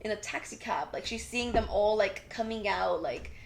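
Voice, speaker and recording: A young woman co-hosts a podcast with a gravelly, medium-pitched voice at a normal speed. She animatedly retells a TV episode in casual chat, acting out the characters' lines and filling her speech with "like."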